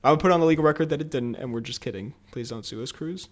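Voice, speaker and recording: A man's voice: medium pitch, very fast. A young man co-hosting a podcast in casual chat, joking around and laughing often. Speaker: podcast co-host.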